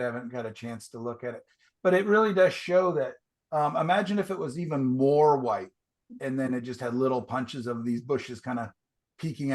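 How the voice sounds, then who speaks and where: Chatty, enthusiastic male painting teacher. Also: mid-range voice. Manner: casual, enthusiastic, chatty with fillers. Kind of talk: class feedback on paintings over video call.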